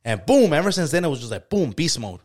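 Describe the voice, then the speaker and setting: A man's voice: a little high, big pitch swings, fast talker, a little mellow. A man, telling stories in a casual, profane podcast chat, acting out quotes. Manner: slangy, profane, storytelling with acted-out quotes. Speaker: podcast co-host.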